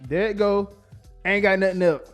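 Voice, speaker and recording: A man's voice: sits high, fairly even intonation, moderate pace, soft background music. A young man co-hosting a casual podcast with his partner, laid-back and laughing, with a Black way of talking. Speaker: podcast co-host. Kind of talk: casual couple chat.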